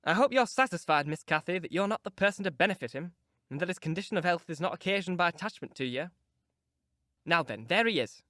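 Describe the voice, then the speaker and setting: A man's voice: sits high, animated, bright, forceful tone, dry recording, studio quality. A man voicing a stern, scolding housekeeper. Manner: brisk, scolding. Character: stern, practical middle-aged housekeeper woman. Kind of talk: audiobook character reading.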